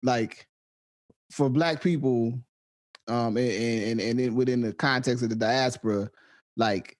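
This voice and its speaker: Casting: male podcast host, middle pitch, easy slang and frequent laughs, dry close recording. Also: unhurried, dry recording. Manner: laid-back, affirming, laughs easily, slang like "word up". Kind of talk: casual conversation.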